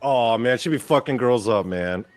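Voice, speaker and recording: A male host giving rambling, profane, excitable commentary over wrestling footage. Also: mid-range voice, normal speed, soft background music.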